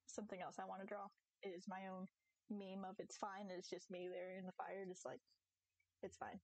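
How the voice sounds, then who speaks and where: A woman's voice: medium pitch, monotone, a little fast, a little mellow, poor audio. A young woman streaming a game, chatting casually with viewers, rambling into giggly stories.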